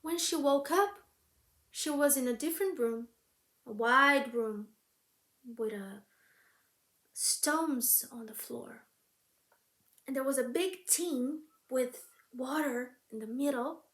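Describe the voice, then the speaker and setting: A woman's voice: high-pitched, fairly bright tone. A woman storyteller telling a fairy tale aloud, speaking dramatically and often dropping into a whisper. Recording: roomy echo.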